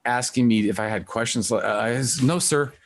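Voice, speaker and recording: A man hosting a music podcast, talking in a casual, rambling way and acting out quotes with lively voices. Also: lowish voice, fairly quick. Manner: rambling, animated when quoting others. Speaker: podcast host. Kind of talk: casual conversational interview.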